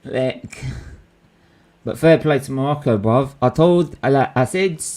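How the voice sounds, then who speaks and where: Here a young man hosts a casual watchalong of a live football game, his voice medium in pitch and a touch slow. Excitable and foul-mouthed, he reacts to the action and addresses his mate as "bruv" again and again.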